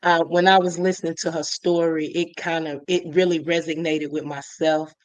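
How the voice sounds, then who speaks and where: Halting woman from Illinois, dry sound. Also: low voice, little pitch movement, no room sound. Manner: halting, many restarts. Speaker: guest. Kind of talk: personal testimony.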